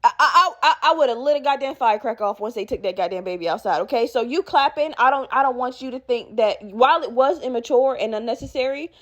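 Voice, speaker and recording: A woman hosting her own podcast, telling a story in a profane, animated way and laughing as she talks. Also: fairly high pitch, fast, few pauses. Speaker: podcast host.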